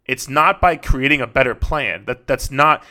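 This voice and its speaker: A man's voice: medium pitch, moderate pace, sharp tone. A man who is a fitness coach, talking on his podcast in a blunt, casual way, swearing often and repeating himself to drive the point home. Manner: blunt, profane, repetitive coaching talk.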